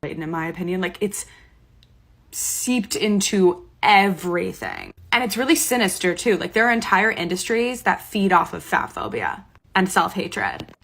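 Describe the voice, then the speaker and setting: A woman speaks earnestly in a played opinion video, leaning on "like" as she talks. Her voice sits a little low for a woman. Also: expressive, measured pace, fairly bright tone, husky. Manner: earnest, filler-laden "like". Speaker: commenter in a played video clip.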